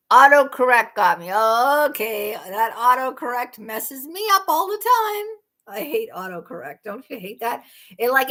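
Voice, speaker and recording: A woman's voice: a little high, sharp tone. A woman hosting a casual livestream chat, rambling and exclaiming in disbelief. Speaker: livestream host.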